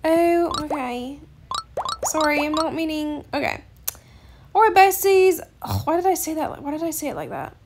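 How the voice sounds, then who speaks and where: Young woman, high voice, slow rambling gameplay chat, some vocal fry. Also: very animated, slight background noise. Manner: rambling, hesitant, lots of fillers. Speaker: gaming channel host.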